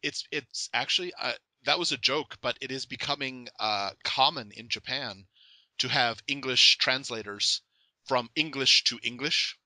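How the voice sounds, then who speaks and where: A man's voice: medium pitch, a little slow, bright, forceful tone, no room sound, rough recording. A man hosting a casual podcast interview, joking around and laughing often. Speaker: podcast host.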